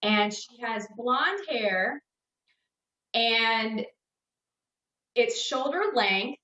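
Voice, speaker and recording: Woman, psychic radio host, call-in reading, slow, hesitant, many fillers, bright, echoey. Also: on the high side, lo-fi sound, slight background noise.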